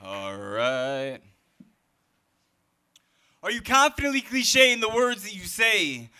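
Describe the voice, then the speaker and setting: High, bright-voiced man performing spoken word. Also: expressive, moderate pace. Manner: rhythmic, rhyming, sing-song delivery. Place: live open mic stage.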